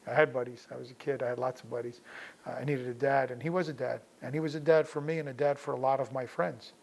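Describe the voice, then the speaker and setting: A man's voice: mid-range voice, fairly even intonation, quick pace, gravelly. A middle-aged man recalling his father in casual, anecdotal storytelling, often restarting his sentences. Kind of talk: personal storytelling.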